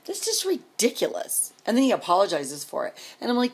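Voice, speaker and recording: A woman's voice: mid-range voice, wildly swooping pitch, brisk, breathy edge. A middle-aged woman venting to camera in a rambling, exasperated, sarcastic rant. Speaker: vlogger.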